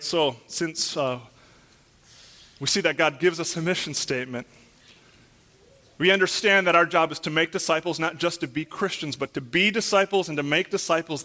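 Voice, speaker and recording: A man preaching from the pulpit to his congregation, his voice bright and ringing and pitched a little high. He works through earnest rhetorical questions and swells into loud, emphatic peaks when he reads scripture. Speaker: pastor. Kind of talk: sermon. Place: church.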